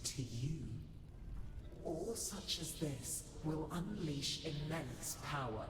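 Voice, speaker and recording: Lofty god-smith, slow and solemn, roomy sound, loud ambience. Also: mid-range voice, lively intonation, noisy background. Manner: slow, grave, ceremonial speech. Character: ageless divine blacksmith, solemn and lofty. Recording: echoey game audio with ambience.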